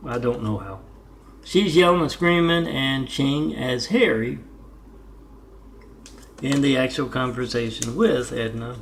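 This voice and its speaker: A man's voice: medium pitch, expressive, measured pace, vocal fry, pauses often, a little hiss or hum. A man talking casually on his art vlog, rambling between stories and repeatedly spelling out his web addresses. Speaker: artist vlogger.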